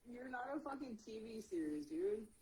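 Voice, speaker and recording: A woman's voice: on the high side, lively intonation, normal speed, warm tone, poor audio. Brash swearing female podcast co-host. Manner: brash, profane storyteller. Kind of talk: casual podcast chat.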